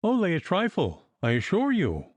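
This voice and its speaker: A man voicing a plump, timid male apothecary with a lisp, who talks in a high, pleading, flustered way. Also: sing-song, measured pace, no echo. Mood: prim.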